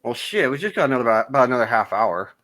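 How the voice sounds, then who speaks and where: A man's voice: mid-range voice, sing-song, racing, a bit bright. A man co-hosting a casual livestream, laid-back, with the odd curse. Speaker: livestream co-host.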